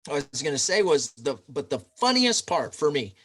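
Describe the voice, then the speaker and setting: Bright-voiced guy telling a rambling story. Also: fairly high pitch, big pitch swings, brisk, breathy edge. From United States. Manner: chatty storyteller, loose and full of fillers. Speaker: podcast guest. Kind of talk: rambling anecdote in casual chat.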